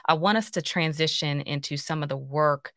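Low gravelly woman hosting. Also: normal speed, a bit bright, no echo, studio quality. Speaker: host. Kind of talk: interview.

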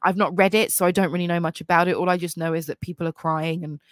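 A woman's voice: on the low side, steady tone, quick pace, no echo, studio quality. A young woman hosting her own podcast, chatting casually and gushing about books, with lots of fillers. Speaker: podcast host. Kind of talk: casual solo podcast chat.

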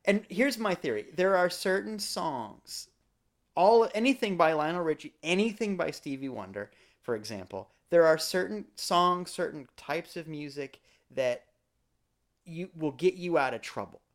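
A man's voice: a little high, expressive, measured pace. Male podcast co-host, loose and playful, rambles through casual banter. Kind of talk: casual chat.

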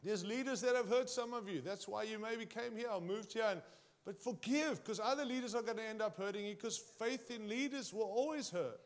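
Man, preacher, emphatic sermon, slightly high voice, lively swings in pitch and volume. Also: brisk. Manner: emphatic, varies pitch and volume widely, direct address to congregation.

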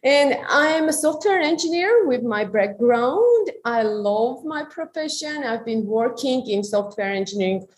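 A friendly woman in her thirties speaks with an Armenian accent, her voice sitting a little high. She chats casually as an interview guest, phrasing things a bit haltingly. A faint hiss of noise runs under her voice. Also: lively intonation. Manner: friendly, slightly halting non-native phrasing. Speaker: guest, engineering manager.

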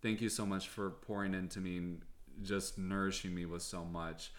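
A man's voice: deep voice, fairly even intonation, moderate pace. A young man hosting a podcast in casual chat, earnest and grateful toward his guest. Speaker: podcast host.

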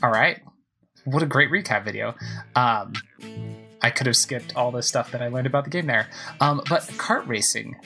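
A man hosting a gaming podcast, chatting excitedly and thinking aloud as he plays. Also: medium pitch, normal speed, gravelly, low-quality recording. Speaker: podcast host playing a video game. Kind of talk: casual let's-play commentary. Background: game music.

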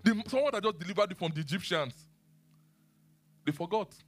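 A man preaching a sermon and teaching the Bible, animated, asking his listeners questions and laughing often. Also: high-pitched, brisk, faint music behind.

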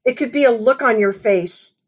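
A woman's voice: on the high side, moderate pace. A woman preaching a sermon in a conversational, storytelling way, often saying "you know".

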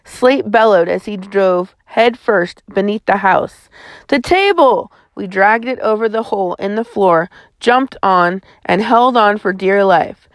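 A woman reading a children's novel aloud in first person, steady scripted narration. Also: medium pitch, a little slow, few pauses, no echo. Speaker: audiobook reader.

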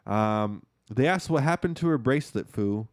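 A man hosting a podcast, casually recapping a movie in slangy, excitable storytelling full of swearing. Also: mid-range voice, normal speed, no echo, studio quality. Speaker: podcast host.

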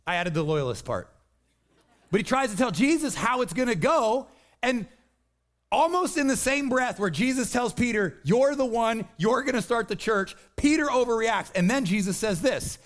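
Man, pastor, sermon, animated storytelling, lively swooping pitch, acts out quoted voices. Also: brisk.

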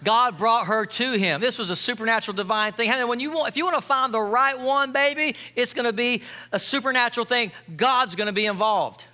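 A man's voice: extremely high pitch, a little fast, hardly any pauses, pushed and bright. A man preaching a sermon, playful and joking, calling out to the congregation for responses. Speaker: pastor.

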